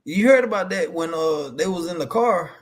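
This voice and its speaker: A man chatting casually about wrestling, acting out the people in his stories as he goes. His voice sits a bit higher than most men's. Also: normal speed. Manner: animated storyteller who acts out quoted voices.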